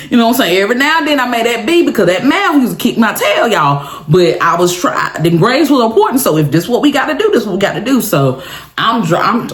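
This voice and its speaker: A woman's voice: a little high, reverberant. A woman vlogger telling a story in a casual chat, talking straight to viewers and laughing often. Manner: animated, dramatic, talks straight to viewers.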